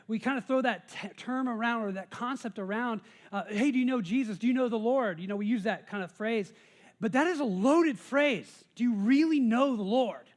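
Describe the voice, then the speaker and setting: American male pastor, high voice, chatty sermon delivery, stumbles and restarts often. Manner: conversational, with many restarts and repeated words.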